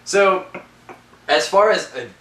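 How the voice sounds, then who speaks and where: A young man co-hosting a casual gaming podcast, excitable and jokey, swearing and slipping into silly voices. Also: sits high, slow. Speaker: podcast co-host. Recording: roomy echo, mic at a distance, faint noise.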